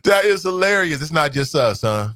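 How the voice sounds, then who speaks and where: A man's voice: on the high side, normal speed, background noise. A man in his thirties hosting a talk radio show, reading listener comments aloud and reacting with laughter and opinions. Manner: animated, laughing, mocks voices.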